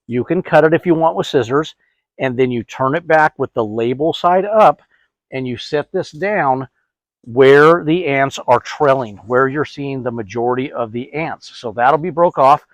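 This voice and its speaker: A man's voice: medium pitch, dry recording. A middle-aged man hosting a DIY product tutorial, chatty, asking and answering his own questions. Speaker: host.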